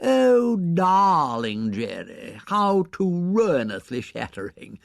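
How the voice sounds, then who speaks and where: A man's voice: a little high, big pitch swings, slow pace, creaky, no room sound, clean studio sound, pitched above the performer's own voice, exaggerated voice. A man voicing an effusive, fashionable young woman who gushes breathlessly. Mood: gushing.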